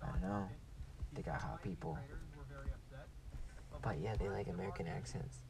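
A man's voice: deep voice, normal speed. A young man in casual chat with a friend, laid-back, slangy and swearing. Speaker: friend chatting. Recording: distant mic in a chatty crowd.

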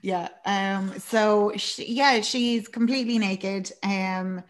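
A woman's voice: mid-range voice, steady tone, slow. Chatty woman recapping a film. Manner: chatty, lots of fillers, acts out character lines. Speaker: podcast co-host. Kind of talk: casual movie recap.

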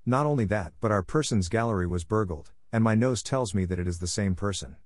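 A man's voice: on the low side, animated, a little fast, dry recording, clean studio sound, natural voice. A man doing a kindly motherly dog. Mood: earnest. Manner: earnest, pleading.

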